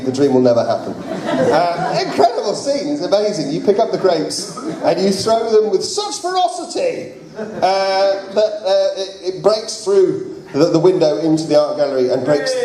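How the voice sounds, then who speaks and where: A man runs an improvised role-playing show and narrates the scene playfully, laughing often. His voice sits high and swings widely in pitch. It is recorded in an echoey hall with a loud crowd behind. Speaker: game master. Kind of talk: improvised tabletop game narration. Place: large convention hall with live audience.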